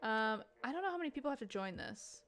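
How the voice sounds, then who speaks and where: A woman's voice: fairly high pitch, lively intonation, quick pace, fairly bright tone. A woman hosting a casual gaming stream, reading out donations and laughing often. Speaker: stream host. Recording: faint music behind.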